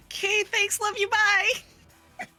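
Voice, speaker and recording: A woman's voice: very high voice, pushed and bright. A woman co-casting an esports match, sarcastic and self-mocking, laughing often. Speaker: esports caster. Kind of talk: casual esports commentary. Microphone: headset or desk mic in voice chat.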